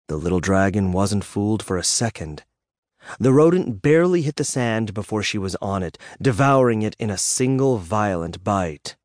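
A man narrating a fantasy audiobook in a measured, even storytelling manner in a studio. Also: lowish voice, no room sound.

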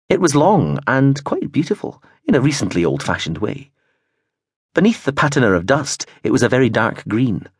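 A man reads a novel aloud in the first person, his husky voice swinging widely in pitch as he tells the story. The read is close and dry, with no room around it. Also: dry recording. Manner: expressive storytelling with voiced character turns. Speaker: audiobook narrator. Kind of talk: first-person audiobook narration.

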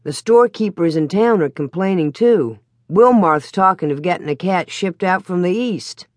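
A woman voicing a patient, plain-spoken pioneer father in a story reading, low, even and matter-of-fact. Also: normal speed, dry recording, natural voice. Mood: calm.

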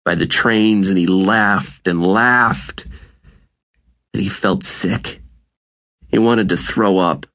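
A man narrating an audiobook in a measured, deliberate reading. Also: deep voice, fairly even intonation, fairly bright tone. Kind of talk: scripted narration.

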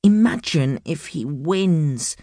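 A man's voice: extremely high pitch, sing-song, a little slow, dry recording, clean studio sound, voice pushed up, exaggerated voice. A male audiobook narrator voicing a prim, easily outraged know-it-all schoolgirl who hisses her words through gritted teeth. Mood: indignant. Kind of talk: audiobook character voice.

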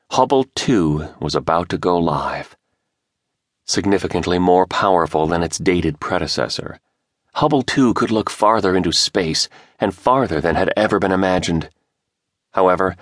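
A man with a low voice narrating a thriller audiobook. His delivery is expressive and lively, swinging widely in pitch, and the sound is dry and close. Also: no echo. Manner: expressive, dramatic storytelling.

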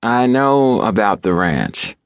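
A man narrating an audiobook, playing a smooth young city businessman who talks earnestly and cautiously. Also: low-pitched, moderate pace, dry recording, close to an everyday voice. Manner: earnest, hesitant.

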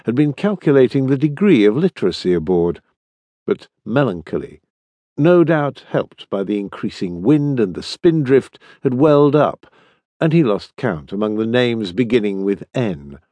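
A man narrating historical fiction as an audiobook, expressive and varied in his storytelling. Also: medium pitch, no echo.

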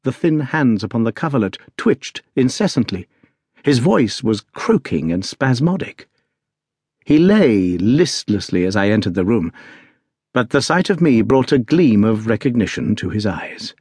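Expressive male audiobook narrator. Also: mid-range voice, measured pace, breathy edge, dry recording, clean studio sound. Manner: expressive, theatrical reading. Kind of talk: scripted narration. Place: dry recording booth. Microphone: close studio mic.

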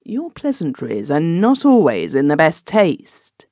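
A stern, blunt gentleman, as a male audiobook narrator puts him on, with curt, forceful replies. The voice is raised in pitch and sounds dry and close. His pitch stays lively. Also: measured pace, no echo, exaggerated voice. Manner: blunt, fierce.

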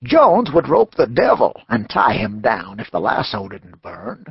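A man's voice: mid-range voice, huge pitch swings, a little slow, gravelly, slightly rough, no echo, highs cut off, full character voice. A male narrator playing a scarred, blunt old plains veteran who talks in folksy frontier dialect. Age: older.

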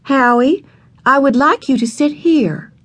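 A woman's voice: high-pitched, unhurried, fairly bright tone, pitched above the performer's own voice. A woman reading an audiobook voices a young, kindly kindergarten teacher who speaks each syllable distinctly. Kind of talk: audiobook character voice.

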